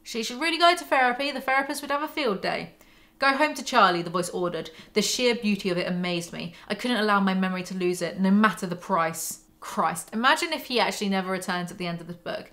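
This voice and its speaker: Bright-voiced snarky woman reading. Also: medium pitch, expressive, fast talker, few pauses. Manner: sarcastic, mocking asides between readings. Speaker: book commentary host. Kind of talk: snarky book breakdown, reading aloud.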